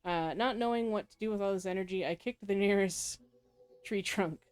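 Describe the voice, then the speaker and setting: Soft music plays in the background as a woman with a smooth, medium-pitched voice reads a story game's text at a moderate pace. She adds casual comments, laughing a lot and correcting herself along the way.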